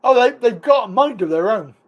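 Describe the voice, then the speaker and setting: A man's voice: extremely high pitch, expressive, brisk, highs cut off. A man hosting a live call-in stream, chatting casually with callers, laughing easily and filling gaps with ums and yeahs.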